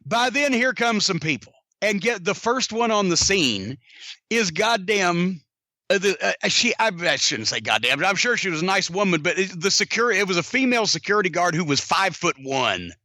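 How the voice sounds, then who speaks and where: Guy, middle-aged, high bright voice, cussing up a storm telling a story, dead dry sound. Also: lively intonation, normal speed, no echo. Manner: heated, cursing constantly, Southern drawl. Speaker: podcast host. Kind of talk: profane storytelling rant.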